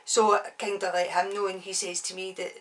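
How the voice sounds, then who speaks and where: A Glaswegian woman in her forties, chatting bluntly and swearing freely as she tells a story to camera. Her voice sits at an average pitch for a woman. She sounds a little distant from the microphone. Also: level tone, brisk. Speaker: author. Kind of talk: casual promo vlog storytelling.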